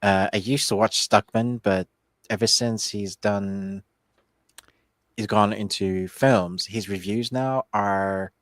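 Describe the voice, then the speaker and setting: A man's voice: lowish voice, fairly even intonation, slow pace, no room sound. A man co-hosting a casual movie review podcast, blunt and opinionated with a wry edge. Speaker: podcast co-host. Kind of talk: casual chat.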